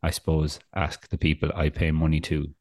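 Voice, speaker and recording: Deep-voiced Irish man on a sarcastic rant. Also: flat delivery, a little fast, darkish tone, dry recording, studio quality. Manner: ranting, sarcastic. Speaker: podcast co-host. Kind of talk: casual chat.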